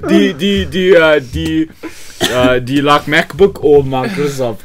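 A man's voice: a little high, normal speed, a crowd in the background. A young man co-hosting a casual chat, stammering, giggling and calling to a dog. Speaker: co-host.

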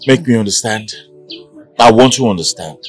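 An actor playing an earnest young man declaring his love, speaking softly. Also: fairly low pitch, moderate pace, faint music behind, close to an everyday voice. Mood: tender. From Nigeria. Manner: soft, earnest, tender.

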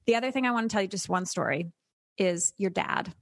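Woman, podcast co-host, lively storytelling, casual chat, dry mic. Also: fairly quick, dry recording. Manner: animated storyteller, jumps in pitch when excited.

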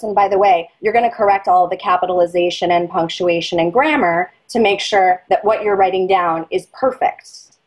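Middle-aged woman, marketing consultant guest; breathy-husky edge, animated persuasive delivery. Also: medium pitch, poor audio. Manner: lively and persuasive, acts out patient and dentist dialogue. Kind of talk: energetic interview talk, coaching advice.

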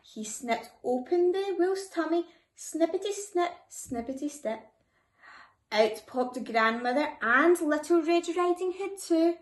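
A woman reading a children's story aloud in a lively, expressive way. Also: extremely high pitch, a little slow. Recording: echoey room.

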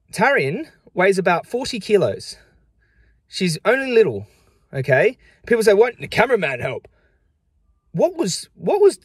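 A man's voice: high voice, dry recording, studio quality. A young man vlogging to camera, upset and frustrated, talking in emphatic, defensive bursts and repeating himself.

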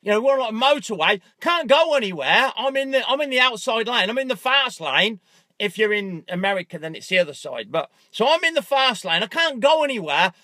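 Male vlogger in his car, high bright voice, dry close mic, lively storyteller who bursts into loud acted-out anger. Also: a little fast, dry recording. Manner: animated storyteller, acts out his own angry thoughts with loud outbursts and swearing. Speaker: motivational vlogger. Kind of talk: casual vlog, talking to camera. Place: inside a parked car. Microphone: handheld phone camera.

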